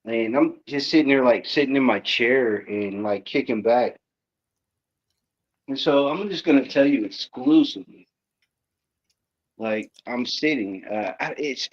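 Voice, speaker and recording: A man who is a guest on a live stream, telling a rambling story packed with fillers. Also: mid-range voice. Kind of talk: casual storytelling. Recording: dull lo-fi audio.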